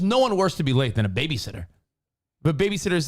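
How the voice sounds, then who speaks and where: A man co-hosting a casual talk show, his slightly raised voice bouncing all over the place as he acts out the people he quotes. His delivery is lively and expressive, full of swoops and sudden jumps. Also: a little high, fast. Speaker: co-host. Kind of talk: casual radio show banter.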